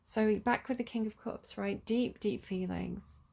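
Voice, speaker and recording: A woman's voice: medium pitch, steady tone, unhurried, creaky, darkish tone. A woman giving a casual tarot reading, talking in a chatty, rambling way with lots of "like" and "you know.". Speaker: tarot reader.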